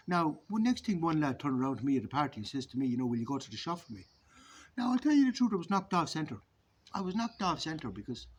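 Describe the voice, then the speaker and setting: Middle aged guy rambling on, swears a lot, sure of himself, bit of faint background hum. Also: mid-range voice. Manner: swearing, philosophizing, self-assured. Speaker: vlogger. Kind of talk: rambling monologue.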